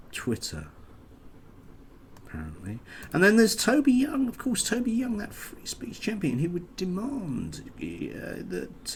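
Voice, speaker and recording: A man giving a casual political vlog monologue, sarcastic and halting, full of ums and uhs. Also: a little high, darkish tone, husky. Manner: sarcastic, halting with many fillers. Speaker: political commentator.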